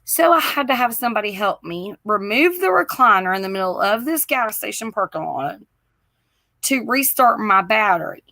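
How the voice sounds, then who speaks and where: A woman telling a long story in a casual chat, animated, laughing and swearing, with lots of "like" fillers. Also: medium pitch, moderate pace, creaky, no room sound.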